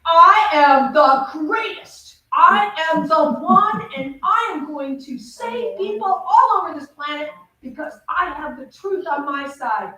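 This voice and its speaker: A woman voicing the Buddha as a calm, certain man who proclaims solemnly, in an echoey hall recorded from far off. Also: high-pitched, normal speed, hardly any pauses. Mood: proclaiming.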